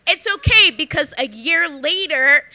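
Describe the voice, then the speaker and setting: At a live story slam in a bar, a young woman from Philadelphia performs a funny story about her own life, chatting away with lots of "like" fillers and frequent laughter. She speaks at a measured pace in a high, sharp voice with lively intonation.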